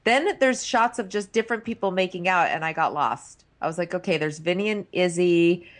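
A woman's voice: lowish voice, normal speed. A woman co-hosting a podcast, a mother recapping a reality show in casual chat and quoting the cast in playful voices. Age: adult. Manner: narrates plot, quotes cast members in playful voices. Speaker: podcast co-host.

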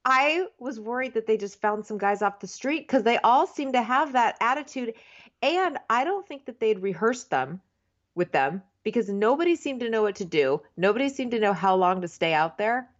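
A woman's voice: a little high, lively intonation, normal speed. Chatty woman on a dull lo-fi recording. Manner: chatty, incredulous storyteller. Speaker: podcast co-host. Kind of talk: casual comedic recap chat. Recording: dull lo-fi sound.

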